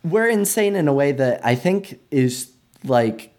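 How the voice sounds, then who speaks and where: Slow, thoughtful podcast co-host. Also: mid-range voice, lively intonation, a little mellow. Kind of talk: casual chat.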